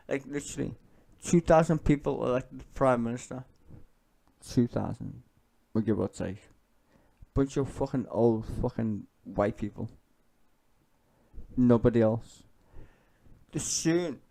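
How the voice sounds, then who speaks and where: A man's voice: medium pitch, creaky, darkish tone. A young man ranting bluntly about politics while reacting to clips, sweary and sarcastic. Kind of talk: casual profane rant.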